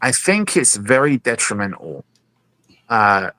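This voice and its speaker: A man's voice: lowish voice, very animated, a little slow, bright, forceful tone, dry recording. A man explaining things at length in a casual podcast discussion, with many hesitant restarts.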